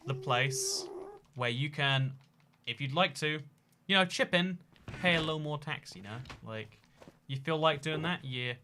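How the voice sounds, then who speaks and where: A man's voice: fairly high pitch, sharp tone, slight background noise. A man hosting a casual livestream and reading out chat donations. He talks in a rambling, jokey way, full of fillers and restarts.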